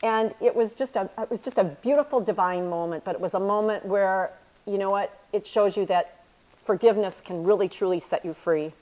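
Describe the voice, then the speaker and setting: A middle-aged woman gives an inspirational faith talk to a women's group. She speaks earnestly in a medium-pitched voice. She slows down to stress and repeat her key phrases. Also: a little mellow. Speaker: speaker at a women's church retreat.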